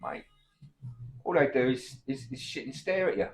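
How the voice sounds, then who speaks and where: A man's voice: mid-range voice, moderate pace. A middle-aged man, trading cheeky, blokey comic banter and calling his partner mate. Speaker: comedy double act co-host.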